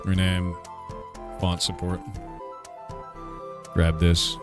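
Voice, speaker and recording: Over music, a low-voiced man speaks very slowly with a completely flat delivery. He is a game developer in his forties chatting casually on a live stream, ranting with profanity and repeatedly saying "like" and "dude."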